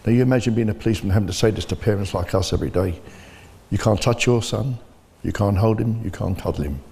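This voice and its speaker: A man's voice: on the low side, quick pace, vocal fry, dark tone, slightly rough. A man telling of his son's death in blunt, earnest testimony. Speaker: bereaved father giving testimony. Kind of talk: personal testimony in conversation. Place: church. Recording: long reverb of a church hall.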